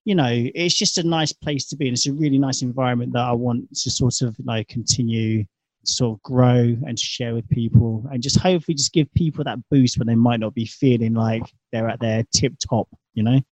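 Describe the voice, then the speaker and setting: A man's voice: mid-range voice, fairly even intonation, a little fast, a little mellow, no room sound. A man with a British accent, chatting as a podcast guest in a rambling way, full of fillers. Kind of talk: casual conversation.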